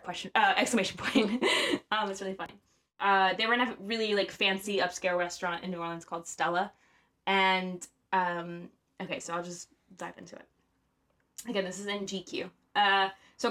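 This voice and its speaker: A young woman recounts a story on a casual podcast, chatty and loose. Her talk is full of "like" and "um", and she laughs easily. Her pitch sits in a middle range. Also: fairly even intonation, brisk, a bit bright. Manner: chatty, lots of "like" and "um", laughs often. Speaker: podcast host.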